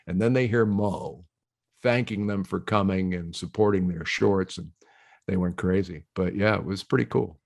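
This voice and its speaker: A man's voice: sits low, moderate pace, vocal fry, no room sound. Older guy telling stories on a chat show, laughs a lot, dry close mic. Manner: animated storyteller who slips into quoted voices; laughs easily. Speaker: guest. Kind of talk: casual conversation.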